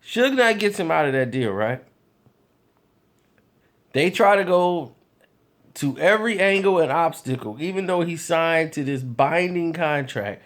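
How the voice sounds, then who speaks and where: A man vlogging, telling casual stories in an animated, loose way with frequent laughs. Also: a little high, measured pace, long pauses. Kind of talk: casual storytelling.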